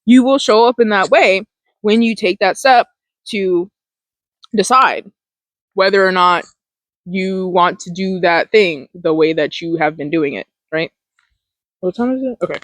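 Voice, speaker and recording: A woman's voice: mid-range voice, unhurried, long pauses, dry recording, rough recording. Woman, mindfulness host, loose rambling delivery, casual swearing, medium voice, dry room. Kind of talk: casual motivational talk.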